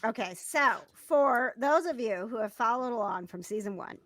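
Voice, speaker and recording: Lively high-pitched woman podcast host. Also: normal speed, slight background noise. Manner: animated, laughing storyteller. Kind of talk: casual chat.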